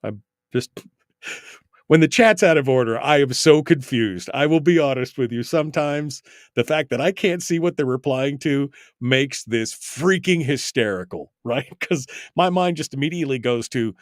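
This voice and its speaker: Brief: man hosting a talk show, animated and chatty, mid-range voice, dry close mic. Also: medium pitch, normal speed, dry recording. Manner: animated, laughs often, exasperated asides. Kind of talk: casual radio talk.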